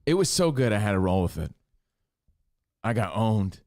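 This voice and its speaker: A man's voice: fairly low pitch, sing-song, moderate pace, darkish tone. A man co-hosting a radio talk show, telling stories in casual banter and poking fun at himself. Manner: storytelling, self-deprecating.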